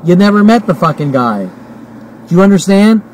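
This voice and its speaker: A man's voice: high-pitched, big pitch swings, moderate pace, darkish tone, a little hiss or hum, low-quality recording. A man in his forties ranting to camera in a heated, repetitive monologue, swearing often and hiccuping and burping as he talks. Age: 40s. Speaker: vlogger.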